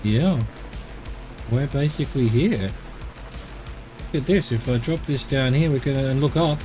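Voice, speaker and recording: A man's voice: medium pitch, unhurried, mellow, soft background music. An Australian man streaming a game, chatting casually and rambling to himself as he explores. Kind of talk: casual live-stream commentary.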